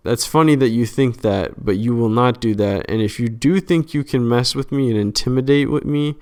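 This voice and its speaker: A man doing a stern crime boss, gravelly and low. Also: a little mellow. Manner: blunt, repetitive commands. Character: stern male crime boss warning a rival.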